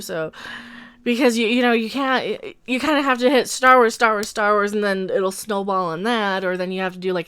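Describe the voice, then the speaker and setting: Chatty, high, smooth-voiced woman streamer. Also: fairly bright tone. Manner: chatty, laughs often, reads donations aloud. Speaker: livestream host. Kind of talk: casual livestream chat.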